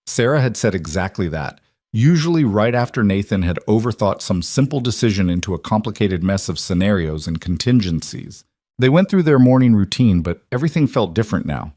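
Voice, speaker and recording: A man giving steady, measured scripted story narration. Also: on the low side, dry recording, clean studio sound.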